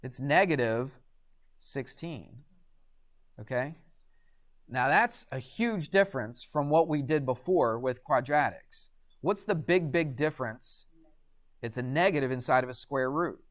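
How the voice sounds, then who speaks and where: A man's voice: mid-range voice, expressive, measured pace. Chatty male math teacher in class. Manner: chatty, asks the class frequent questions. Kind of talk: classroom lecture.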